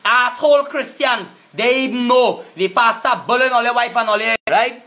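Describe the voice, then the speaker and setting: A man's voice: very high voice, brisk, pushed and bright. A man with a Trinidadian accent ranting on a live stream, cussing and repeating himself as he confronts people. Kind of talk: angry live-stream rant.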